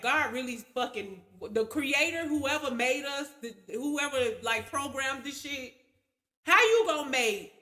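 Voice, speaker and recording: A woman's voice: high voice, sharp tone. A woman streamer telling a rambling, profane story to her viewers in a casual rant. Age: adult with children. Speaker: livestream host.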